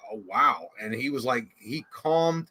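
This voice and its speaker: A man co-hosting a casual livestream, rambling excitedly with crude slang. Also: medium pitch, a little slow. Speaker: podcast co-host.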